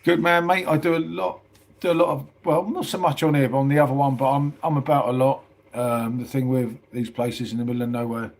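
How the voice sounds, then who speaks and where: A middle-aged man talks casually on a live stream, answering viewer comments in a relaxed, rambling way. His voice sits at an ordinary pitch and he keeps dropping in "mate". He sounds a little tired. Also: brisk. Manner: chatty, says "mate" often, reads out viewer comments. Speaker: livestream host.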